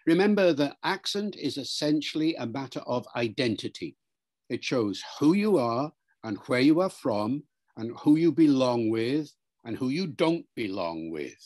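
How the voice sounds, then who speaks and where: An older man answering an interviewer's questions in a measured, lecturing way, spelling out words and demonstrating pronunciations. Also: mid-range voice, a little mellow. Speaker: linguist being interviewed.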